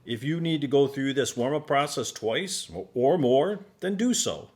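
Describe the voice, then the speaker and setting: A man leading a singing warm-up lesson as a voice teacher, calm and encouraging. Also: medium pitch, a little slow. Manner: calm, encouraging instructor, demonstrates sung vowels. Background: piano accompaniment.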